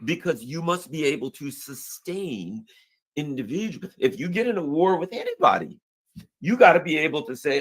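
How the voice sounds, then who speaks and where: Lively rambling male co-commentator. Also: a little high, moderate pace. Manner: rambling, restarts, animated. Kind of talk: political commentary chat.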